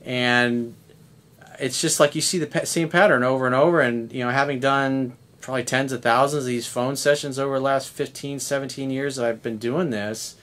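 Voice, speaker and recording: Speaking at a moderate pace with a steady, fairly bright tone, a fifties-aged man of middle pitch coaches listeners on dating. His monologue is blunt and conversational, sprinkled with casual swearing.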